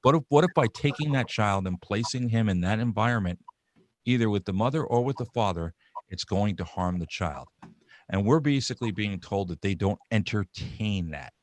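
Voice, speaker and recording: A man's voice: on the low side, lively intonation, normal speed. An older man in a casual video-call chat who rambles, restarts often and laughs easily. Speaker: parent and grandparent sharing a family court story.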